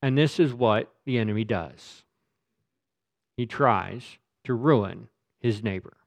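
A man's voice: mid-range voice, slow, creaky. A man preaching a sermon as pastor, speaking emphatically and often repeating words as he presses a point.

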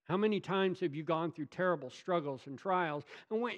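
A man preaches a sermon in a voice that sits a little high. He is emphatic, rising loud and dropping to a hush, and keeps putting rhetorical questions to his congregation. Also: lively intonation, a little fast, hardly any pauses, lo-fi sound. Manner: emphatic, swinging from loud to hushed. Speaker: pastor.

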